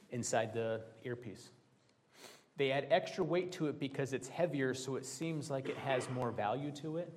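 A middle-aged male pastor delivering a sermon in a relaxed, conversational way. He weaves personal stories and everyday examples between scripture readings, at an ordinary pitch for a man.

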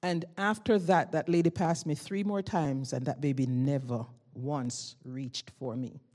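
A woman giving a spoken testimony to a congregation, telling a story with lively swings from loud exclamations to hushed tones and frequent laughter. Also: low voice, unhurried. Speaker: church member giving testimony.

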